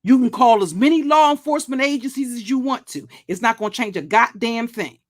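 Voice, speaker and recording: Older woman, pitch a bit high, profane, threatening, restarts and stammers. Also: lively intonation, brisk. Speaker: YouTube commentary channel host. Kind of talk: blunt monologue vlog.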